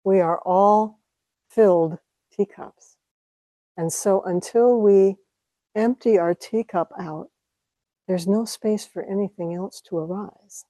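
A woman teaching meditation to an audience, speaking calmly and reflectively with light laughs. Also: medium pitch, no echo, poor audio. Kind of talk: dharma talk to an audience.

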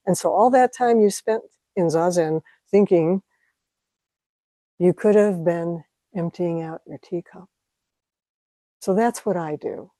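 A woman teaching meditation to an audience, speaking calmly and reflectively with light laughs. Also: on the low side, slow pace, long pauses, dry recording, poor audio. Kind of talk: dharma talk to an audience.

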